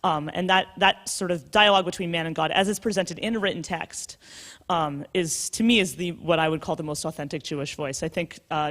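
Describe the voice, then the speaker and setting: A woman's voice: deep voice, fairly bright tone. A woman novelist on a conference panel, answering in a thoughtful, hesitant way with many fillers and restarts. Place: conference hall.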